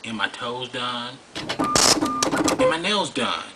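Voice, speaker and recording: A man voicing a brash woman who gloats about spending child support money, in a drawling, sassy manner with high-pitched outbursts. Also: huge pitch swings, very slow, very noisy, exaggerated voice.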